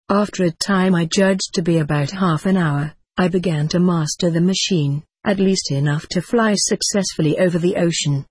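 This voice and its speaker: An audiobook narrator giving an even, steady first-person reading. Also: medium pitch, slightly rough, dry recording.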